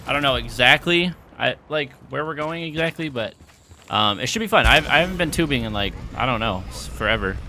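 A young man commentating his video game play, out of breath, excitable and yelling at big moments. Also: medium pitch, fairly quick, slight background noise. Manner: excitable, shouts at big plays, self-mocking. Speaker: gaming YouTuber. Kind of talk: gameplay commentary. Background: game gunfire and explosions.

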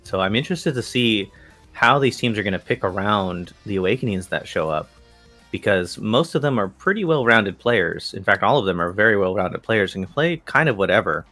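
A man's voice: lowish voice, animated, brisk, pushed and bright, faint music behind. A man giving chatty, analytical color commentary on a live esports tournament. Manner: analytical, chatty, with laughs and restarts. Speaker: esports co-caster.

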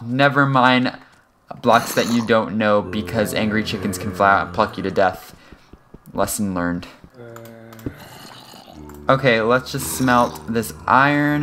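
A young man giving casual, rambling commentary over a game he is playing, excitable and self-mocking, with sudden high yelps when startled. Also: a little hiss or hum. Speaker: gaming channel host.

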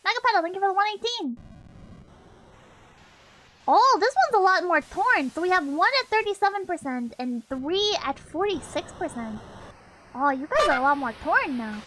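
A woman's voice: extremely high pitch, lively intonation, moderate pace, heavy background noise. A woman streamer giving casual, brash game commentary, swearing often and laughing a lot.

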